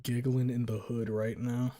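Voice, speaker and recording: A male streamer chats loosely with his audience in a mid-pitched voice. His talk rambles, and it is crude and full of swearing as he argues back at chat. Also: level tone, measured pace, warm tone. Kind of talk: casual live-stream chat.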